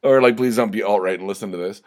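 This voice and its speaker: Quick-paced and darkish in tone, this young man's lowish voice fills his solo podcast. He's a bit tipsy from drinking shots, so the casual monologue rambles, with cursing and stammering once he gets worked up.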